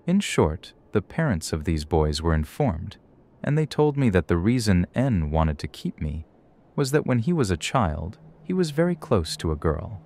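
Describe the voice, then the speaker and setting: A man reading true horror stories aloud in steady, measured scripted narration. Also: sits low. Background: faint background music.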